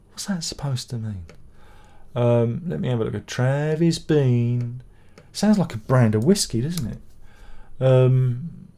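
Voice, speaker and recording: A middle-aged man, the channel host, runs a live stream where he reads viewer comments aloud and answers them with rambling, exclamatory chatter and some swearing. His voice is medium-pitched and warm, expressive but unhurried.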